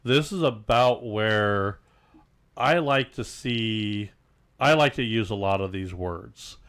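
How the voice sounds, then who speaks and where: A man's voice: fairly low pitch, slow, fairly bright tone, smooth. A man co-hosting a casual podcast, joking about fancy words and mocking pompous speech. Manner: jokey, mocks pompous speech. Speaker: podcast co-host. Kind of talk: casual chat.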